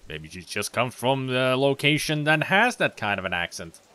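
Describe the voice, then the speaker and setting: A man's voice: mid-range voice, expressive, moderate pace, sharp tone, smooth. A man from Finland, a let's play host giving chatty, rambling gameplay commentary.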